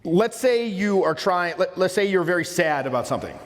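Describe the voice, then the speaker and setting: In a casual lecture, a man with a high, expressive voice coaches social skills at a brisk pace. He's emphatic and informal, often restarting phrases, and the room adds a long reverberant tail.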